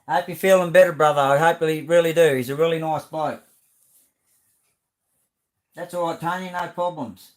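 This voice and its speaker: A man's voice: on the high side, fairly even intonation, normal speed, pauses often. An Australian man hosting a live stream, chatting casually as he reads out viewer comments, rambling and friendly with plenty of fillers and restarts.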